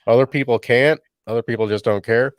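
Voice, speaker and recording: A man's voice: mid-range voice, fairly even intonation, a little fast, dry recording, studio quality. A man co-hosting a casual chat show, easygoing and laughing often. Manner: laughs often, drifts into goofy pirate voices. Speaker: podcast co-host.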